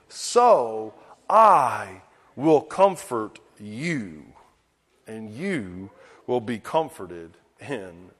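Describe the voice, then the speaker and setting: Pastor, male, high-pitched, unhurried sermon delivery that trails off low at phrase ends, recorded in a reverberant church hall. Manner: slow, deliberate reading with a dropping voice at phrase ends. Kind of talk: sermon with scripture reading.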